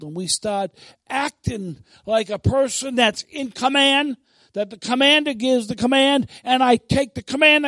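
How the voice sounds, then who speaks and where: A man's voice: extremely high pitch, no room sound. Man preaching with a bold, rising voice. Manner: swings from bold shouted declarations to quiet conversational asides. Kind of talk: sermon.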